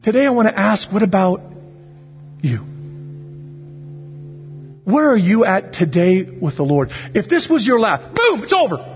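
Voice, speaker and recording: High-voiced pastor preaching earnestly. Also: male voice, very animated, unhurried, long pauses, highs cut off, soft background music. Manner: earnest, repeated searching questions. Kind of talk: sermon.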